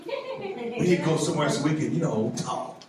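A man preaching a lively youth sermon as pastor, animated and acting out voices as he jokes with the kids. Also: on the high side, moderate pace, a crowd in the background. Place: church youth service hall. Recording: echoey hall, mic from far off, background noise.

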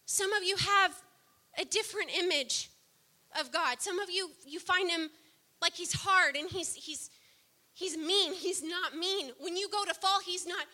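A woman preaching a sermon, impassioned, swinging from soft, low passages to loud outbursts. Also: unhurried.

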